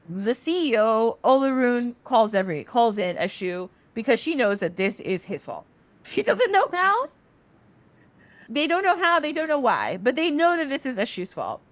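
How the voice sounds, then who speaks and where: A young adult woman hosting a podcast, retelling a myth in a chatty, animated way with casual profanity. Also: fairly high pitch, dry recording. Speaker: podcast host. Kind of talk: casual mythology storytelling.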